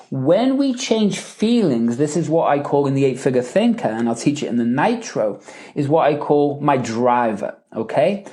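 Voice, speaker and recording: A man coaches during a live question-and-answer teaching session, his voice sitting a little high. He is emphatic and animated, frequently checking in with "right?" and "okay?"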